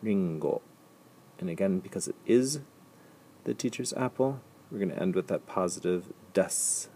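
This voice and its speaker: A man teaching a language lesson over slides, explaining step by step and repeating example sentences slowly and patiently. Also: fairly low pitch, dark tone, slightly rough. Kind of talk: recorded slide lecture.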